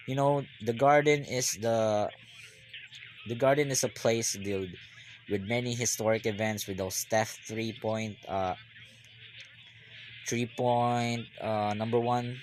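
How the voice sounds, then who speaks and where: A man giving live basketball reaction commentary, rambling and repeating himself, then bursting into excited yells. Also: mid-range voice, slow, a little hiss or hum.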